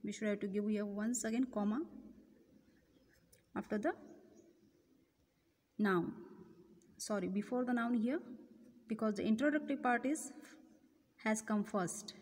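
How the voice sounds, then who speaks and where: A woman's voice: mid-range voice, unhurried, long pauses, darkish tone, in a large hall. A woman teacher explaining a grammar lesson step by step, often correcting herself. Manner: explains step by step, many restarts and self-corrections.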